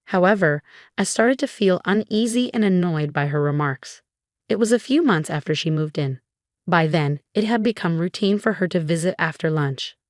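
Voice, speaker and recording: A woman reading a first-person story as narrator, in an even, measured way. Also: lowish voice, no room sound, clean studio sound.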